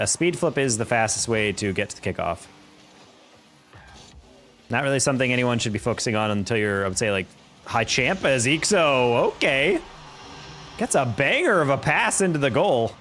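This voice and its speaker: A young man from New York casting a live esports match, calling plays quickly and chatting with his stream viewers in between. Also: mid-range voice. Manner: rapid play-by-play that jumps up in excitement, chatting with viewers between plays. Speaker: esports caster. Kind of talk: live-streamed play-by-play commentary with chat.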